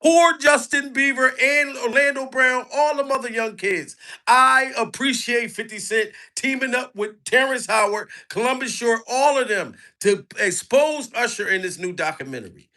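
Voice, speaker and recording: A man doing crude, animated commentary on a live stream, hyping up his chat. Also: very high-pitched, moderate pace.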